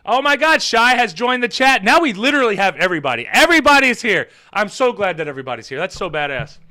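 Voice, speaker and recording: A man recapping a movie on a casual live stream, excitable and profane, often laughing as he retells scenes. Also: high voice, quick pace.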